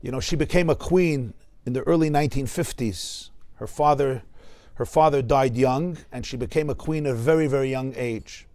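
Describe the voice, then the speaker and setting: High-voiced New York rabbi teaching. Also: male voice, no room sound. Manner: emphatic, repeats words for stress, quotes Hebrew texts. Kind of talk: Torah class. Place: study hall class.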